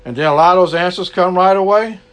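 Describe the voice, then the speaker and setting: Earnest male preacher, fairly high voice. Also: fast, clear, resonant tone. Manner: earnest, repeats key lines, ends in prayer. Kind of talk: sermon. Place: online gathering.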